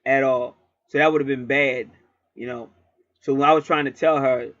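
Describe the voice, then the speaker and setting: A man's voice: medium pitch, steady tone, normal speed, fairly bright tone, dry recording, lo-fi sound. Rambling, cussing man telling a home story. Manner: profane, rambling, repetitive. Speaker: channel host. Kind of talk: casual storytelling monologue.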